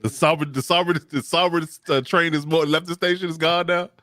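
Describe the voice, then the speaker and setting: A man's voice: a little high, steady tone, a little fast, bright, forceful tone. A man co-hosting a casual sports chat in an easygoing, agreeable way. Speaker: podcast co-host.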